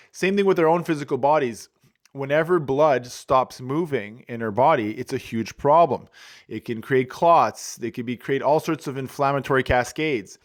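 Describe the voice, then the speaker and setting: A middle-aged man hosting a wellbeing podcast, talking through fitness advice in a relaxed, rambling way with lots of "you know" and restarts. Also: mid-range voice. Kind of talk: casual advice monologue.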